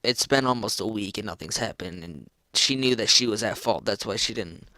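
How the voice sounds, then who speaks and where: A man's voice: fairly low pitch, brisk, pushed and bright, dry recording. A teenage boy telling a personal story in a rambling, casual way, full of restarts. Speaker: vlogger.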